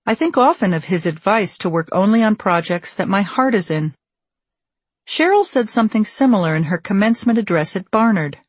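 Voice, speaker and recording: A woman narrating a memoir audiobook in a measured, wry storytelling manner, recorded on a studio microphone. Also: medium pitch, expressive, slightly rough, dry recording.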